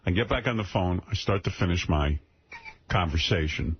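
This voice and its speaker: A man with a lowish voice tells a story on a radio talk show. His delivery swings widely in pitch as he rants, swears and acts out his own shouting, with a slight leftover cold. The broadcast audio sounds dull, with a faint hiss underneath. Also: moderate pace. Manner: animated ranting, profane, mimics himself yelling. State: end of a cold. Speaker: radio host.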